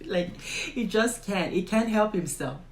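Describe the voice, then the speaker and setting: Speaking slowly and animatedly at medium pitch, a young woman with a Nigerian accent talks to the camera as a vlogger interviewing her father. She chats emphatically and laughs a lot, captured on a low-quality, reverberant recording.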